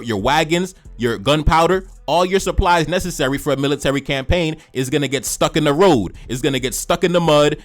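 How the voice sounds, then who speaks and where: A history commentator with a medium-pitched voice reads a historical document aloud. He keeps stopping for lively, slangy asides and repeats phrases for emphasis.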